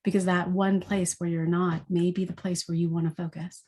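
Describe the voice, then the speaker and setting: A woman with a somewhat low voice talks through a spiritual energy forecast. Her delivery is reflective and unscripted, full of rhetorical questions. She often fills her phrasing with "like". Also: little pitch movement, normal speed, dark tone. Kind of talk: spiritual daily forecast monologue.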